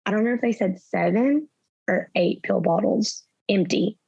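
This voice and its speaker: A young woman, a guest in an interview, retelling events through quoted dialogue in a soft, halting way with fillers. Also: mid-range voice, creaky, slightly rough, dry recording. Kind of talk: personal storytelling in an interview. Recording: slightly dull, dry sound.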